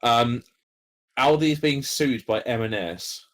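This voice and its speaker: A man, a podcast co-host telling stories in casual chat, halting and full of fillers. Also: mid-range voice, expressive. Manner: rambling, halting storyteller with many fillers.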